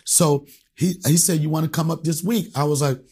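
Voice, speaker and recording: A stand-up comedian from Alexandria, Virginia, telling profane stories as a guest and acting out the voices in them. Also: male voice, on the high side, fairly even intonation, moderate pace, a little mellow, slightly rough. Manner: profane, acts out voices in anecdotes. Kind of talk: animated storytelling.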